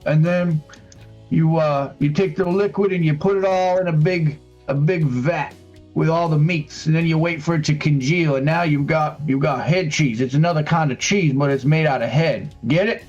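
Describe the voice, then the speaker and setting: A man's voice: fairly high pitch, normal speed, darkish tone, muffled recording, faint music behind, close to an everyday voice. A man voicing a gluttonous townsman who talks with his mouth full of food, in a tabletop game. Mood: explaining. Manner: mumbling through a mouthful of food.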